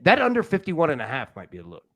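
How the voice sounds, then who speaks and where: Casting: male sports betting host, animated, joking, rambling, dry close mic. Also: on the high side, fast talker, no room sound. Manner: rambling and joking, with frequent restarts. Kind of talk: casual live show chat. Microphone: studio mic on a live stream.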